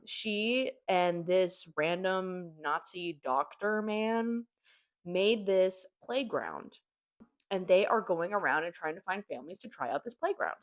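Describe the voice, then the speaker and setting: A young woman reviewing books in an animated, chatty way, swearing casually. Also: on the low side, takes it slowly. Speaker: book reviewer. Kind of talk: casual chat.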